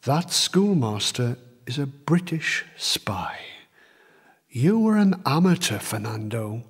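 A man's voice: high voice, big pitch swings, measured pace, slightly rough, full character voice. A man playing a stern, weary army major. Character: stern middle-aged male army major. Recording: long reverb.

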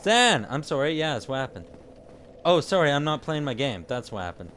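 This man's voice runs on the high side and has a sing-song, slightly bright quality at a moderate pace, with slight background noise. He streams a video game and chats casually with live viewers, rambling, joking, and often stumbling over his words.

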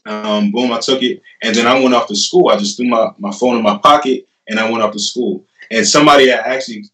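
This twenty-something guest has a medium-pitched voice and a fairly quick pace. He casually retells a story with plenty of laughter and "I'm like," frequently performing what he and others said, and the audio is roomy with the mic a bit far off.

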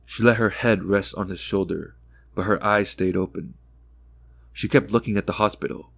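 A man with a low voice reads a literary short story in a calm, measured way, as an audiobook made for drifting off. The sound is dry and close, with no room around it. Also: vocal fry, no room sound. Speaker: audiobook narrator. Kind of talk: calm audiobook narration for sleep.

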